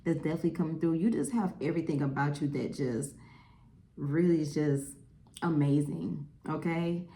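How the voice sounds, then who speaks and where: Young woman, tarot reading, chatty and lively, lowish voice, keeps saying y'all. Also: moderate pace, reverberant. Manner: chatty, animated, lots of "okay?" and "y'all". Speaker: tarot reader. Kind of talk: casual tarot reading to camera.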